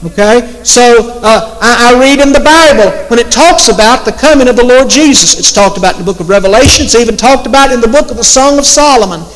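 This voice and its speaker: A man preaching a sermon, slow and emphatic, quoting scripture with weight. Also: very high voice, fairly bright tone. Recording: long hall reverb.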